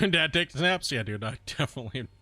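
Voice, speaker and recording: A man's voice: mid-range voice, animated, brisk, pushed and bright, no echo. A young man with a soothing voice, chatting casually and jokingly with viewers while he plays a game. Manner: laid-back, joking, slangy. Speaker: live streamer.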